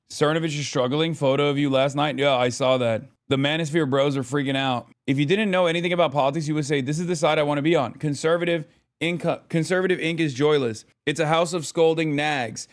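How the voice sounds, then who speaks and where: A man in his thirties, a streamer doing live reaction commentary on politics, ranting in a profane, sarcastic way. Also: on the high side.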